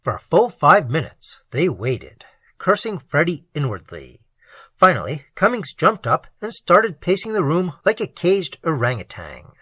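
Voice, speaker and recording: A man narrating an audiobook in a dramatic, expressive way. His voice is husky, a bit higher than average, and swings widely in pitch. The recording is dry and close, with no room sound. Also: a little slow, dry recording. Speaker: audiobook reader.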